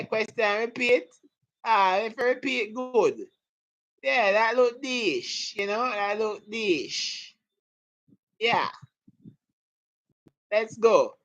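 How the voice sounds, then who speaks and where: A woman teaches a live exam prep lesson, playfully joking and laughing with her students and hyping them up. Her voice is medium in pitch with a fairly bright tone. The recording is rough.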